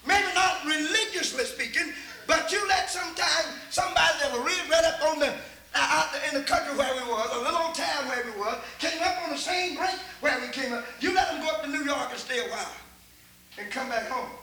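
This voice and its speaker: An older man with a Texan drawl preaches in a strikingly high, bright voice. He tells folksy stories, repeats himself and rises into shouts. The sound rings through an echoey church hall with faint background hum. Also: fairly quick, creaky. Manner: folksy storytelling, repeats words, builds to shouts. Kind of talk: folksy sermon.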